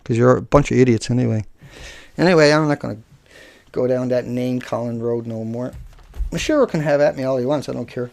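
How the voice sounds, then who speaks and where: A man's voice: mid-range voice, brisk, creaky, darkish tone. A man on a live stream who answers chat and taunts a commenter in a combative, scornful way. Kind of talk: unscripted live stream rant.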